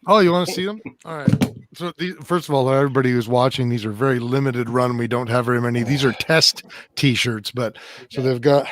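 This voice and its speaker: A man's voice: medium pitch, brisk. A man co-hosting a podcast, talking earnestly with frequent restarts and easy laughs, wearing earbuds. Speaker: podcast co-host. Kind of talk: casual chat. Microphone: earbud headset.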